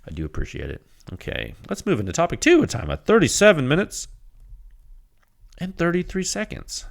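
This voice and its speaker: A man hosting a casual solo podcast, rambling and animated, with frequent restarts, laughs and acted-out quoted exchanges. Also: fairly high pitch, brisk, creaky. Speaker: podcast host.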